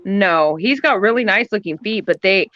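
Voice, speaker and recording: A woman's voice: mid-range voice, lively intonation, moderate pace, a bit bright, lo-fi sound. A woman teasing her friends and laughing easily in a casual group chat.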